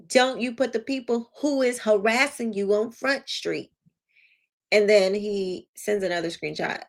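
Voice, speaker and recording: A woman's voice: mid-range voice, a little slow. Woman, show host, commentary, reading texts aloud, incredulous, sarcastic.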